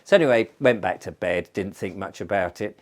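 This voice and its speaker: A man's voice: sits low, expressive, a little fast. A middle-aged man spins a tale in an easygoing, rambling voice. He often restarts his sentences as he goes, like someone chatting across a table. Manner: conversational, rambling, frequent restarts. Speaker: storyteller host. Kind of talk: chatty spoken storytelling.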